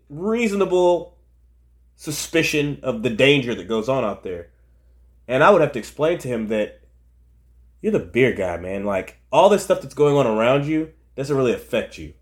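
A middle-aged man hosting a podcast, telling a casual story and acting out what other people said. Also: fairly low pitch. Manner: animated, acts out quoted voices, frequent restarts. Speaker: podcast host.

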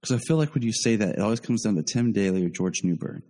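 Deep, dark-toned man on a podcast. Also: lively intonation, quick pace, big-room sound. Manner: opinionated, thinks aloud with repeats. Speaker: podcast host. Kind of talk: casual podcast chat.

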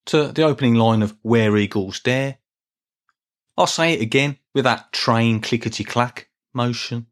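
Soft music plays behind a middle-aged man hosting his own podcast, his medium-pitched voice unhurried. His talk is casual and meandering, full of self-deprecation and little restarts.

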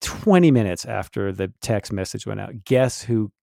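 A man in his fifties, co-hosting a podcast, telling a story in lively casual chat and laughing often. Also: lowish voice, normal speed, gravelly, no echo, studio quality. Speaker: podcast co-host.

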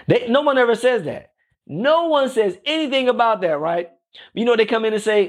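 A man with a high-pitched voice delivers a conversational sermon. He talks informally, circling back to phrases and tagging lines with "right?". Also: expressive, fairly quick. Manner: repeats phrases and keeps asking "right?". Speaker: preacher.

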